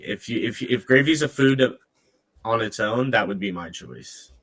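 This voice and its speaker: A man hosting a podcast on a headset mic, joking and teasing his co-host with quick asides. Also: mid-range voice, animated, a bit bright, poor audio. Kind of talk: casual podcast chat.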